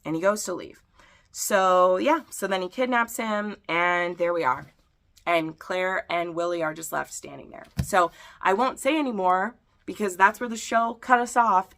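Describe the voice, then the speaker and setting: A woman's voice: mid-range voice, unhurried, a bit bright. A woman reviewing a book and its show adaptation in a chatty recap, reading passages aloud and lightly voicing the characters' lines.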